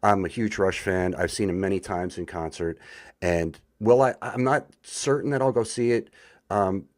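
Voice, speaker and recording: A man with a very low voice speaks as a podcast guest. He talks candidly and with enthusiasm, dropping in fillers as he goes. The sound is dry and close. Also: moderate pace, no echo. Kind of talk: casual conversational podcast.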